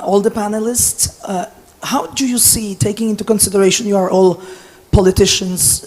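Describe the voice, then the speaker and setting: A woman from Poland with a hoarse voice, asking a formal, somewhat hesitant question from the audience. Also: mid-range voice, darkish tone.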